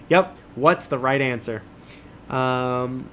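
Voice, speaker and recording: A man's voice: medium pitch, moderate pace, pauses often, a little hiss or hum. Wisecracking middle-aged man reading aloud. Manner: wisecracking, self-mocking. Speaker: streamer reading an adventure book. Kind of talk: casual read-aloud with joking asides.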